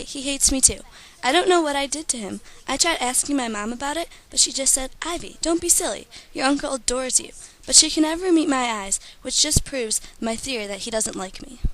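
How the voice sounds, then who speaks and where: A teenage girl reading her own first-person story aloud in a steady storytelling manner. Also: fairly high pitch, poor audio. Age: teens. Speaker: student author.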